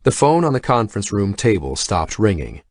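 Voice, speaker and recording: A male audiobook narrator with a low voice and lively pitch, telling a thriller in a measured, scripted way. The sound is close and dry, with no room around it. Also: no echo.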